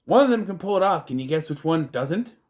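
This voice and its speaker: A man talks through a movie review in a loose, rambling way. His pitch swings up and down a lot, and he keeps breaking off into self-deprecating asides. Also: animated, a little fast, a little mellow. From United States.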